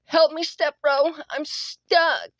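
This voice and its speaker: A man's voice: extremely high pitch, slow pace, pushed and bright, no room sound, pitched above the performer's own voice, exaggerated voice. A man faking a ditzy girly voice. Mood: pleading. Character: ditzy young woman, coffee-shop girl type. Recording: dull lo-fi mic.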